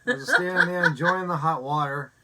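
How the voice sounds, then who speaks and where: A young man co-hosting a podcast, sick with a voice deeper than usual, tossing in dry joking asides in casual chat. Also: big pitch swings, fast, very noisy. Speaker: podcast co-host.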